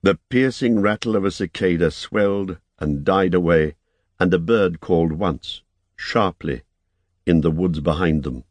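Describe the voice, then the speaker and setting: A man narrating an audiobook in a measured, even reading. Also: low-pitched, dry recording.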